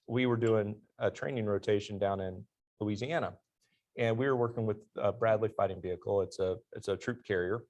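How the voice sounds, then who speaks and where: A middle-aged man, an army veteran and interview guest, telling stories animatedly and laughing at his own punchlines. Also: fairly low pitch. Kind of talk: storytelling in a church class interview.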